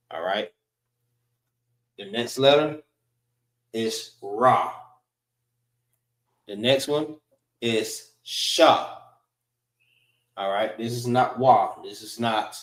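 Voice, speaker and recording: Slow, patient man teaching letter sounds. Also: on the low side, roomy sound. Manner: slow, patient, repeats each sound with "all right". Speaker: teacher of a class.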